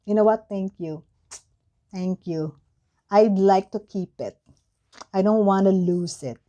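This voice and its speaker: A woman's voice: mid-range voice, slow pace, dark tone, muffled recording. A middle-aged woman from the Philippines with a Filipino accent, chatting candidly to her viewers and often trailing off as she searches for words. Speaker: vlogger. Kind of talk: casual chat.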